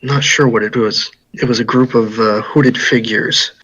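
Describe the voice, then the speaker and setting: A man telling his part of a tabletop game in character, halting and restarting often. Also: mid-range voice, fairly even intonation, fairly bright tone, dull audio. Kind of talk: in-character storytelling.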